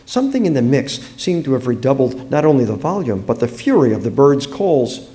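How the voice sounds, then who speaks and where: A man from the United States reads his own fiction aloud at a book fair. His delivery is expressive and dramatic, with a lively, swinging pitch in the middle of a man's range. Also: brisk. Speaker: author.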